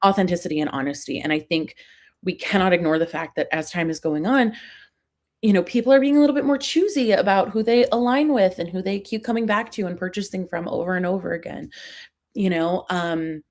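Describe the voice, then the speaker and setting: A woman with a Long Island accent, a comedian and brand strategist talking casually as a podcast guest, animated and quick to laugh at herself. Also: lowish voice. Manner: animated, laughs often, self-deprecating.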